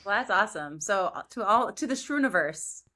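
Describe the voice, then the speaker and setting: A woman hosting a podcast interview, chatting casually, self-deprecating and quick to laugh. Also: medium pitch, lively intonation, bright, forceful tone. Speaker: podcast host.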